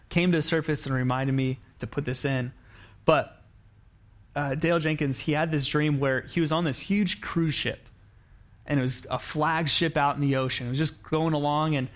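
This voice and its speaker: A man preaching in a church in a chatty, storytelling way. His voice sits a little on the high side, and he slips into quoted lines to act out the people in his story. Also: steady tone, brisk. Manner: conversational preaching, acts out quoted lines, frequent restarts. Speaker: pastor. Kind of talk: sermon.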